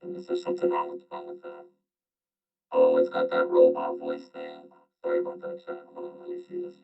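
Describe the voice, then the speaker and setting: A man's voice: a bass voice, completely flat delivery, brisk, vocal fry, muffled recording, loud music behind the voice. A man hosting a casual livestream reaction, chatting to his viewers with many fillers, through a glitchy robot-voice mic. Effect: glitchy robot voice filter from a faulty mic. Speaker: host reacting to videos.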